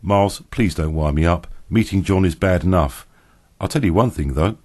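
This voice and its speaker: A man's voice: deep voice, darkish tone, no room sound. A man reading a thoughtful, wary man. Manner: thoughtful, measured.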